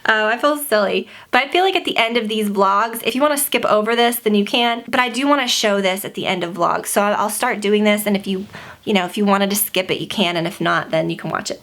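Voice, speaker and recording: A woman's voice: mid-range voice, a bit bright. A pregnant woman in her twenties giving a casual, gushing vlog update at home, near tears and full of fillers. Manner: chatty, gushing, many fillers. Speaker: beauty vlogger.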